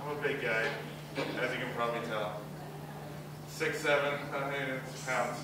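A man's voice: mid-range voice, fairly even intonation, background noise. A young man performing a rambling, self-deprecating stand-up comedy set as a student comic. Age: young adult. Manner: rambling, self-deprecating, with quick acted-out asides. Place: university talent show stage. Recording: distant, very echoey hall mic with crowd ambience. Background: audience laughter.

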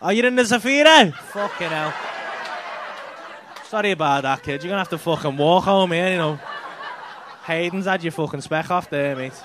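Bright-voiced male comic teasing the crowd from a club stage, high and cheeky, faint audience behind him. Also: animated, moderate pace, pauses often, slight background noise. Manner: cheeky, teasing, swears a lot. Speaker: stand-up comedian. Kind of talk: crowd work banter.

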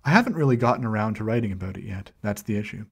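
Low, husky-voiced man reading aloud. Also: lively intonation, rapid-fire. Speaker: channel host reading a document aloud. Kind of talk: measured first-person reading aloud.

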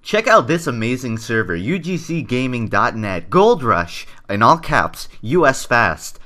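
A man's voice: medium pitch, sing-song, unhurried, sharp tone, a little hiss or hum. A man giving jokey, sarcastic commentary over game footage as the host of a gaming channel. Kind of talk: gameplay commentary.

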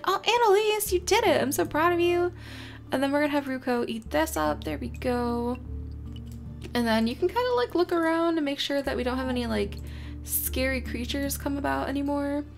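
A woman's voice: high voice, gravelly. A young woman casually narrating her game, chatting to her creatures and easily flustered. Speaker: gaming channel host. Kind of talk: casual let's-play commentary. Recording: soft music behind.

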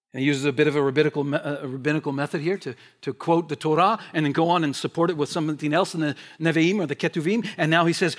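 A man giving a sermon as pastor, moving from loud, driving emphasis to quiet, hushed asides. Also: fairly high pitch, fast talker. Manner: impassioned preaching, swinging between loud emphasis and quiet asides. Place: church sanctuary.

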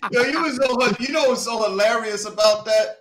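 A man, a comedian, reminiscing excitedly in casual chat, often tossing in "man". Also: extremely high pitch, normal speed, slight background noise. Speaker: comedian and podcast guest.

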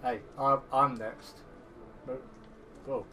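A man's voice: mid-range voice, steady tone, slow, sharp tone, a little hiss or hum. A man hosting a let's play, giving sarcastic, joking commentary on the game and swearing often. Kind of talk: gameplay commentary.

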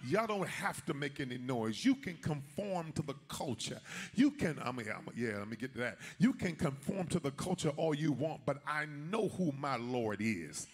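A man's voice: a little high, lively intonation, moderate pace, husky. A man preaching in a sermon voices a devout young male captive who prays boldly and refuses to hide his faith, speaking in an emphatic, colloquial way. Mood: defiant.

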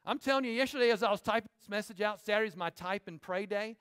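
High-voiced preaching man. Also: clear, resonant tone. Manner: animated preaching, quick asides to the congregation. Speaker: pastor. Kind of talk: sermon. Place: church sanctuary.

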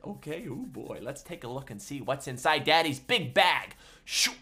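A man teaching a livestreamed music class for small children, talking in an animated, sing-song way. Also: a little high, normal speed.

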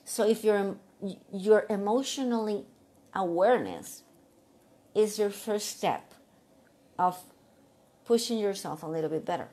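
Earnest middle-aged woman with halting phrasing. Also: medium pitch, lively intonation, mellow, slight background noise. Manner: earnest, repeats herself, speaks in short halting phrases. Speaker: vlogger giving life advice. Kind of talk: casual talk to camera.

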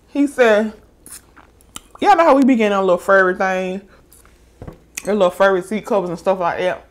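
Female mukbang vlogger, chatty storytime delivery, lively quoting. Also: medium pitch, moderate pace, long pauses. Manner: chatty and animated, quoting others in raised voice. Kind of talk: casual storytime to viewers.

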